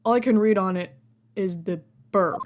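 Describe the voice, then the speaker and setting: A woman's voice: mid-range voice, normal speed, a little mellow, soft background music. A woman playing a video game and reading its dialogue aloud, with wry joking asides. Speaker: let's player.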